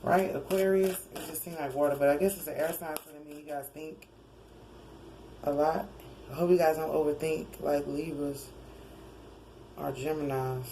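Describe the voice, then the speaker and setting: A woman with a low voice talks through a tarot reading in a loose, conversational way. She wanders off track, corrects herself mid-sentence and slips in chuckling asides. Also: steady tone, moderate pace, long pauses, mellow, slight background noise, low-quality recording. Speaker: tarot card reader. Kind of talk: casual spoken tarot reading.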